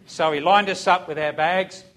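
A middle-aged man preaching a sermon, telling a personal story in an animated way with chuckles. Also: high-pitched, normal speed.

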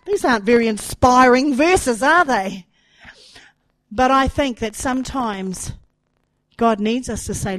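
A woman's voice: fairly high pitch, measured pace, pauses often, a bit bright, dry recording, low-quality recording. Earnest woman preaching, dry close sound. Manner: earnest, emphatic repetition, voice rising with emotion. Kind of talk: sermon.

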